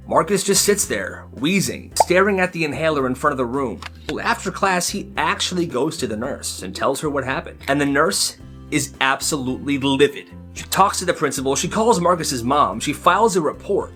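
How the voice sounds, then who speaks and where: A man's voice: on the high side, lively intonation, a little fast, a bit bright. A young man telling stories casually in a chatty, sarcastic way, mocking the people in them. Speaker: storyteller. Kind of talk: casual storytime narration. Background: faint music.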